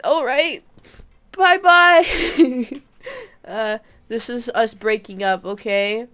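A young woman streaming a game live, bubbly and giggly, chatting excitedly with her viewers. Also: fairly high pitch, extremely slow, clear, resonant tone. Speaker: gaming streamer. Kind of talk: live-stream gameplay chat.

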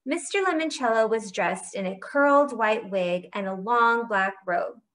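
A woman's voice: a little high, a little slow, fairly bright tone. A woman narrating a children's novel aloud for a library book club.

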